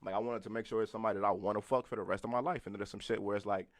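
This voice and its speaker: A young man in his twenties rattles off casual podcast talk at a quick clip, loose and profane, often laughing and calling out to his live chat. His voice sits fairly low, and the sound is dry and close, with little room around it. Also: fairly even intonation, dry recording. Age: 20s. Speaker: podcast co-host.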